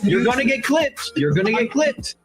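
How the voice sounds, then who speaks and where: A man's voice: extremely high pitch, very animated, moderate pace, faint music behind. A man hosting a heated panel argument, angrily scolding a guest. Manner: angry, scolding.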